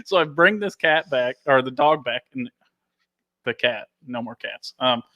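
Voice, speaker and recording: A man's voice: mid-range voice, lively intonation, a little slow, pushed and bright, dry recording. A man hosting a casual podcast, telling a story with lots of laughter and animation. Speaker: podcast host.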